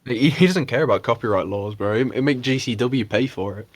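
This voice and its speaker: A man co-hosting a casual podcast, rambling and swearing freely as he mocks people with quick impressions. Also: mid-range voice, no echo. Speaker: podcast co-host. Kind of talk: casual chat.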